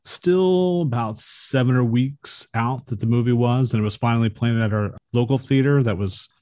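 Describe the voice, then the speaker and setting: A man in his fifties co-hosting a podcast, relaxed and reminiscing in casual chat. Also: mid-range voice, normal speed, no room sound, studio quality. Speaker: podcast co-host. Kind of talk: casual movie review chat.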